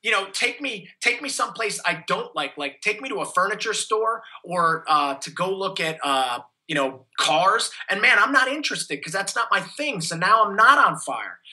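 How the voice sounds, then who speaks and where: Energetic man, bright voice. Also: high voice, moderate pace, few pauses, rough recording. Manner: enthusiastic, motivational, emphatic. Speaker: guest, fitness coach. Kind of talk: energetic interview talk.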